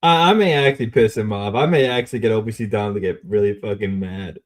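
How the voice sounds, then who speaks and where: A young man streaming casual commentary, rambling and swearing, repeating himself and swinging between mumbling and loud outbursts. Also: fairly low pitch, quick pace.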